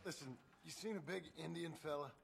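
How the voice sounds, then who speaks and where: An actor playing a gruff, plain-spoken male gunslinger in a video game. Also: on the high side, brisk. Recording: background noise.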